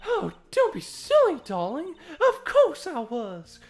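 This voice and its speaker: Pompous theatrical diva warden, high and swooping, sugary put-on airs; a man plays her. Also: huge pitch swings, takes it slowly, faint music behind, exaggerated voice. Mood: gushing. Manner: grand, sugary, pompous delivery with fake airs. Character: flamboyant affected woman prison warden, theatrical diva. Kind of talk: game voice-over dub.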